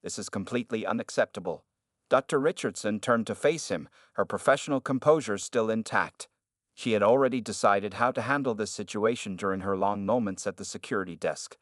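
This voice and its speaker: Steady man narrating a story. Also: on the low side, a little fast, dry recording, clean studio sound.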